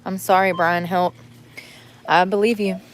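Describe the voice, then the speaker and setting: A woman's voice: fairly low pitch, fairly even intonation, measured pace, slight background noise. A woman, vlogging casually from inside a store, talking bluntly to her viewers and muttering to herself as she shops. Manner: blunt, rambling, muttering to herself while shopping.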